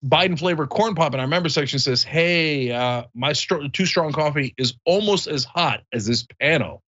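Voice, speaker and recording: Podcast host guy, lively up and down voice, bright tone, bit lo-fi. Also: moderate pace. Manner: animated, jumps into high mock voices for quotes. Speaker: show host. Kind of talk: casual podcast banter, reading viewer comments.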